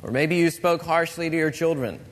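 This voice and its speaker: A pastor gives an earnest, measured sermon. His voice sits a little high for a man. The church sanctuary leaves a long reverb trailing after each phrase. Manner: earnest, measured preaching with pauses.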